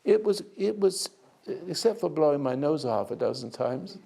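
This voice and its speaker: Older male teacher, gravelly and husky, slow halting sermon-like delivery. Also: on the high side, expressive, dark tone. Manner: slow storytelling with many restarts and hesitations. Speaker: spiritual teacher. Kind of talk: unscripted sermon-like talk.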